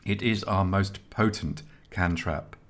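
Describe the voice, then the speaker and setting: A man voicing a solemn, sad old healer woman who speaks in a hushed, measured way. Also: sits low, steady tone.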